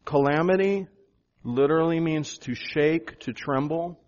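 A male pastor preaching a sermon, animated, jumping up in pitch for emphasis. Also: measured pace, highs cut off.

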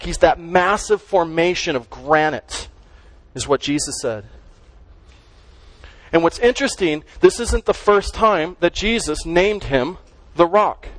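A man's voice: on the high side, no echo, poor audio. A man preaching a sermon as pastor, stressing and repeating key words as he teaches.

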